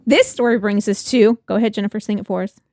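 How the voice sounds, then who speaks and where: A woman's voice: medium pitch, quick pace, dry recording, studio quality. A woman co-hosting a casual true-crime podcast, telling the story with frequent laughs and blunt swearing. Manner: laughs often, swears freely, animated.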